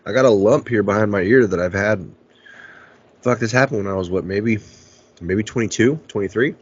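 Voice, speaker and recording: A low-pitched man rambles through a story on a podcast, dropping curse words every few breaths. The sound is slightly dull and lo-fi. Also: moderate pace, breathy edge. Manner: rambling, heavy swearing. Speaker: podcast host. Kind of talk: casual storytelling chat. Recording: lo-fi podcast recording.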